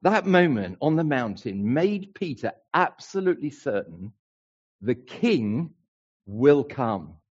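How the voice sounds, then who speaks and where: A man's voice: mid-range voice, big pitch swings, slow, husky, lo-fi sound. A man preaching a sermon to a congregation, emphatic and playful. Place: church hall with a congregation.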